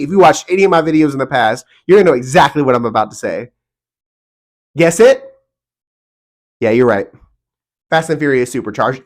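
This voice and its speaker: A middle-aged man vlogging from a home studio, talking to camera in a casual, opinionated, emphatic way with mock outrage. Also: a little high. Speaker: theme park vlogger.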